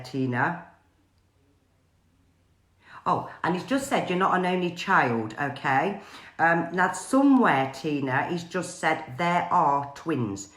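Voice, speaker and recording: A woman psychic medium, doing a live-streamed spirit reading in a halting way full of fillers and pauses. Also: deep voice, echoey room. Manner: hesitant, many fillers and pauses.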